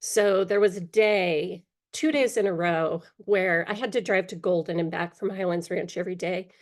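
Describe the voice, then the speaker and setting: A middle-aged woman, a guest in an interview, telling a personal story candidly, pausing often and clearing her throat now and then from allergies. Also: on the low side, fairly even intonation. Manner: candid, halting, with frequent pauses and fillers.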